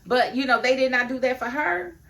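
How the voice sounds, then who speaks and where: A woman records a casual video review of a TV episode. She talks emphatically and laughs often, then slips into a low, confiding tone. Her voice sits a little higher than most. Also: fairly quick. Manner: emphatic and animated, with frequent laughs; chatty, drops into a low, confiding tone.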